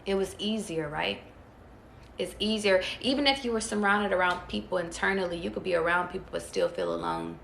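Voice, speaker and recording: A woman's voice: lowish voice, sing-song, a little fast, creaky, a bit bright. A woman tarot reader, talking bluntly and profanely to her viewers. She hammers her points home through repetition. The recording is roomy and echoey, with a faint hiss underneath. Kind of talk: casual spiritual pep talk to viewers. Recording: echoey room with faint noise.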